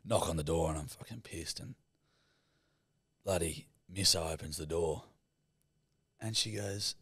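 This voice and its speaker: A man's voice: deep voice, measured pace, pauses often, bright, forceful tone, slightly rough, dry recording, studio quality. A young man, co-hosting a podcast in casual chat and swearing freely as he tells crude yarns. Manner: sweary, laid-back banter. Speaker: podcast co-host.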